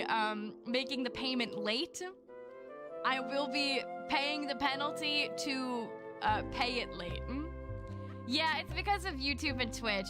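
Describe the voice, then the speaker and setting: A young adult woman livestreamer in casual chat with her viewers, effusive and quick to laugh. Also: a little high. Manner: chatty and effusive, laughs often. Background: music playing behind.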